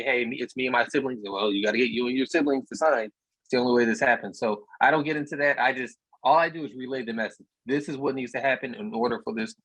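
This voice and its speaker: A plainspoken man with a slightly husky voice, telling stories in a casual, conversational way. His sound is dry and close, with little room around it. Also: mid-range voice, fairly bright tone, dry recording, rough recording. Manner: storytelling, plainspoken, repeats words. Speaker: real estate investor speaker. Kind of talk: casual talk on a video meetup.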